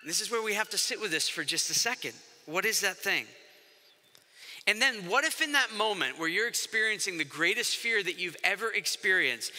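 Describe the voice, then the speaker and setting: A man's voice: sits high, bright, forceful tone. A man preaching a sermon to a congregation, conversational and joking, acting out quotes in different voices. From grew up by the ocean. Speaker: pastor. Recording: long hall reverb.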